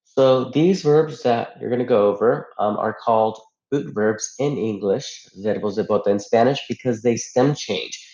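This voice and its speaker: In an echoey room with dull, lo-fi sound, a man teaches a Spanish grammar lesson, patiently working through it step by step and posing rhetorical questions. His voice is medium-pitched and darkish, and his pace is measured.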